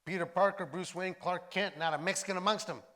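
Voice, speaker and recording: A man's voice: high-pitched, fairly even intonation, fast, pushed and bright, pitched above the performer's own voice. A man doing a taunting young schoolboy. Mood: mocking. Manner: mocking, taunting.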